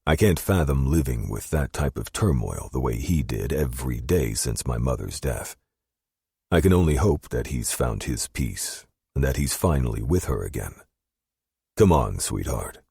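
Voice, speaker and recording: A man's voice: a bass voice, expressive, normal speed, creaky, dark tone, husky, no echo, clean studio sound. A man narrating a first-person romance audiobook in an intimate, brooding way.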